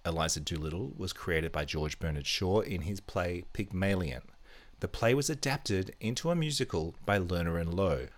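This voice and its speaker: Very low-voiced playful male podcast host. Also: lively intonation, normal speed. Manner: playful, chatty, teasing quizmaster. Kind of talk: casual chat, reading a quiz.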